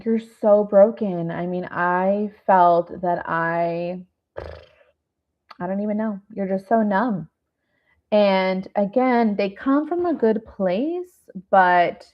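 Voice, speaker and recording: Slow, candid woman on a dull stream. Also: mid-range voice. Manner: raw, rambling, heartfelt, with many fillers. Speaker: nurse hosting a grief masterclass. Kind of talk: candid live online talk.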